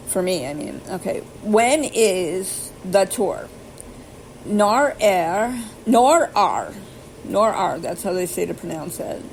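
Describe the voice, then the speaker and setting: A woman vlogging casually, rambling and self-deprecating, who slowly sounds out and spells foreign phrases letter by letter. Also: on the low side, a little mellow, slight background noise, poor audio. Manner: slow careful pronunciation attempts. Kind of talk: casual self-taught language practice.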